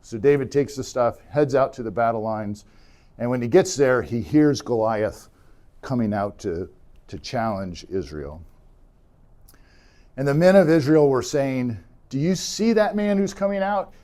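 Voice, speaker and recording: A man with a mid-range voice teaches an adult church class, speaking a little slowly and pausing often. He retells stories casually, acting out the characters' lines with plenty of fillers.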